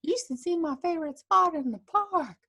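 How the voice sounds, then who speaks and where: A woman's voice: animated, normal speed, full character voice. A woman voicing a polite, eager young schoolboy in a storybook reading, with a cheerful raised voice. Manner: bright, cheerful, raised pitch.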